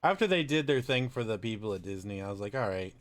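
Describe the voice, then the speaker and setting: A man's voice: fairly low pitch, lively intonation, fast talker. A man co-hosting a casual live chat show, dropping wry, dry asides. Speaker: co-host.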